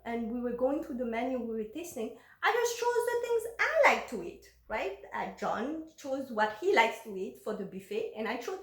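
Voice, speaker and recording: A woman with a high, bright-pitched voice tells a personal story to camera in a candid, unfiltered way. She is frank and emotional and swears freely. The sound carries a roomy echo. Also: big pitch swings, moderate pace, few pauses. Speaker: vlogger recounting her own life.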